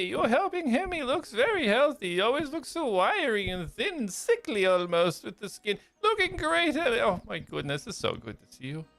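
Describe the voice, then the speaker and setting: A man's voice: very high-pitched, creaky, a bit bright, no echo, voice pushed up, heavily acted. A man voicing an effusive elderly father who runs a shop, gushing and chuckling. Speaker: game master.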